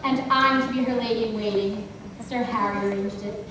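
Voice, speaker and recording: A young woman playing a gushing, excitable lady-in-waiting in a school stage musical, heard from far off in an echoey hall. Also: on the high side, normal speed, background noise, close to an everyday voice.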